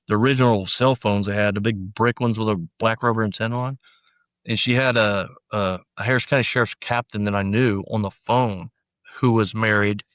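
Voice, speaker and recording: A man's voice: lowish voice, fairly bright tone, dry recording. A middle-aged man, a former sheriff's deputy, recounting his story in an interview, with frequent restarts and quoted lines acted out. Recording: dry, slightly dull audio.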